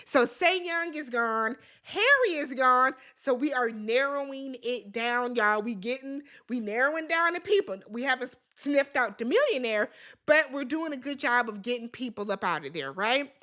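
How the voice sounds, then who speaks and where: A woman hosting a casual recap vlog, talking in an animated, gossipy and emphatic way and swearing freely. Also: high-pitched, moderate pace. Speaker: reality TV recap host.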